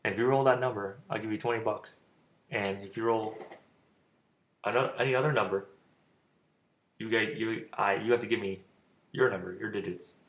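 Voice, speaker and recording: Rambling young man with a gravelly voice. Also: fairly low pitch, steady tone, moderate pace, pauses often, a bit bright. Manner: rambling, stuttering, loose and informal. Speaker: vlogger giving dating advice. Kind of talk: casual rambling monologue.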